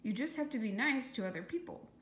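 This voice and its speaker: A woman's voice: on the high side, expressive, quick pace, pitched above the performer's own voice, lightly acted. Kind patient teacher Miss Jules, read by a woman. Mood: reassuring. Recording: echoey room, faint noise.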